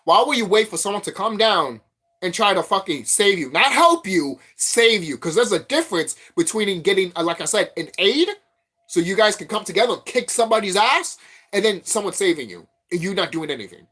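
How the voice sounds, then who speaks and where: A man vlogging as a spiritual commentator, telling stories in a rambling, profane, animated way. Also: high-pitched, a little fast. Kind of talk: rambling casual monologue.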